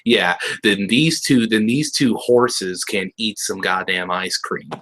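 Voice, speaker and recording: Young male podcast co-host, bright forceful voice, animated and profane. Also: fairly low pitch, slow, husky, low-quality recording. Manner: animated, swears a lot, ranting. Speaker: podcast co-host reviewing a cartoon episode. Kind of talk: casual chat.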